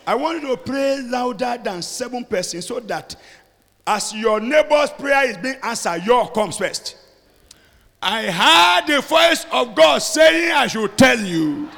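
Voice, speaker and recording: A man leading a fiery sermon and prayer, alternating shouted prayer with quieter speech. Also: very high voice, animated, slow pace, creaky, a little hiss or hum. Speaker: pastor. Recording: long hall reverb.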